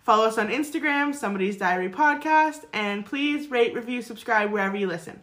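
A woman's voice: on the high side, a little fast, a bit bright. A woman hosting a podcast, chatting easily and reading the show's sign-off. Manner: easygoing, reads the show's sign-off. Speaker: podcast host. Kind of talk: casual chat.

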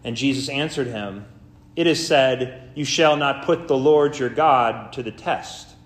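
A man as pastor, reading scripture and preaching a sermon in a church, slow, deliberate and earnest. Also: mid-range voice. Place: church sanctuary. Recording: echoey church room.

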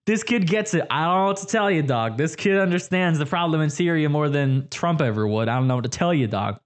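A man's voice: on the high side, lively intonation, quick pace. A young man hosting a podcast, rambling through crude jokes in a casual comedic monologue. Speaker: podcast host.

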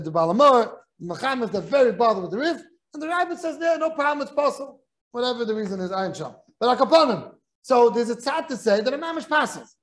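This high-pitched man is a rabbi leading a Talmud lesson in a kollel study hall. He tells a story animatedly, doubling up on words whenever he gets excited.

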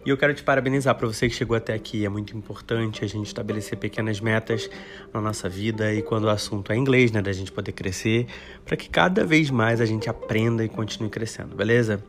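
A man's voice: fairly low pitch, rapid-fire. A man hosting a podcast lesson, chatting upbeat and reading a storybook aloud. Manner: upbeat, chatty greetings, then steady reading. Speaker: podcast host and English teacher.

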